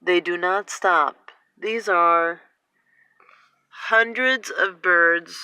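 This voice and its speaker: A woman filming outdoors on a phone, giving an excited, breathless running commentary and exclaiming over and over. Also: lowish voice, extremely slow, clean tone, no room sound. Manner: breathless, exclaiming, repeating herself. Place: outdoors in the cold.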